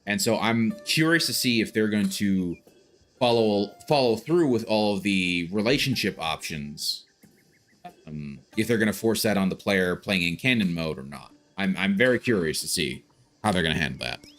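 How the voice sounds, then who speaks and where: Male gaming streamer, deep voice, loose rambling commentary, faint music underneath. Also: lively intonation, moderate pace, fairly bright tone. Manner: thinks aloud, rambling with frequent restarts. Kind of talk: casual live gameplay commentary.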